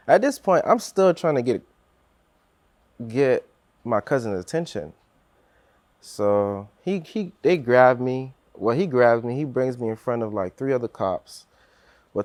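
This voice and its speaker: A man's voice: medium pitch, a little mellow, no echo. A man telling a personal story on a podcast in earnest, acting out what others said, with many restarts.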